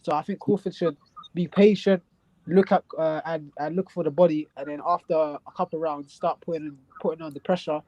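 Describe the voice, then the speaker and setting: A man's voice: a little high, fairly even intonation, brisk, mellow, no room sound, dull audio. A man with a London accent in casual chat, giving blunt opinions on boxing and often repeating himself. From South London. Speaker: guest boxing pundit.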